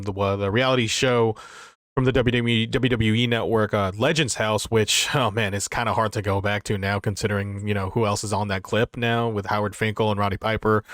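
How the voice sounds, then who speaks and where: A man's voice: fairly low pitch, fairly bright tone, no room sound, clean studio sound. A man co-hosting a wrestling podcast, talking eagerly in casual chat. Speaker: podcast co-host.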